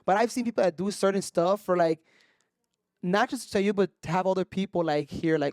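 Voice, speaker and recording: A man's voice: sits high, a little fast, darkish tone, no room sound, clean studio sound. A young man telling a story on a podcast, casual and profane, switching between Spanish and English slang. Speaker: podcast co-host.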